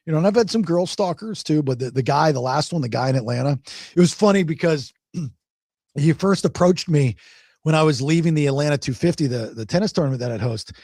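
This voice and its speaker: In a casual podcast chat, a male host rambles through a long story, repeating himself and turning animated when quoting others. His voice is a little high and fairly quick. It's a dry, clean studio recording.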